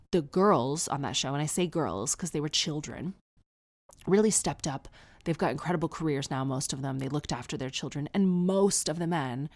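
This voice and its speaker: A woman hosting an advice podcast, answering a listener with frank, conversational personal stories. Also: low-pitched. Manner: frank, conversational, with frequent restarts and emphatic asides. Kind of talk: casual, candid personal storytelling.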